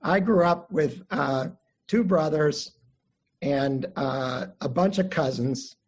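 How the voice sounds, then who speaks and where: An older man, a Jewish studies teacher, giving an online class lecture and telling family stories with animated quoted voices. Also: fairly high pitch, slow, breathy edge. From United States (Midwest). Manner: warm anecdotal storytelling, animated quotes.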